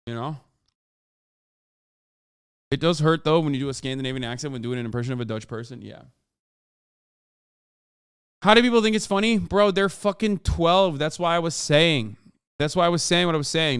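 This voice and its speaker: A man in his thirties talks through a live reaction stream in a smooth, resonant voice, recorded dry and close with no room sound. He rambles with plenty of fillers and restarts, swears freely and flares up now and then in loud exasperation. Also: mid-range voice, fast talker, no room sound. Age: 30s. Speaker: streamer and political commentator. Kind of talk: casual reaction-stream commentary.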